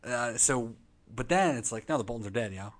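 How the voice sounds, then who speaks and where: A man co-hosting a casual chat, animated and excitable, swearing freely and jumping between quick asides. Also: mid-range voice. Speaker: podcast co-host.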